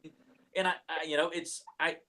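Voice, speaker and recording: A man chatting on a podcast, his voice bright and forward and pitched a little high. He stumbles and repeats words as he goes, talking openly and sentimentally. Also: flat delivery, brisk. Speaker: podcast co-host. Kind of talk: casual chat.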